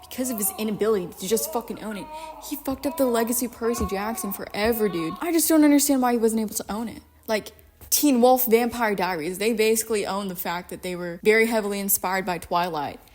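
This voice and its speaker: A young adult woman giving casual film commentary in a profane, sarcastic, animated way. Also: medium pitch, brisk. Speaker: YouTube commentator.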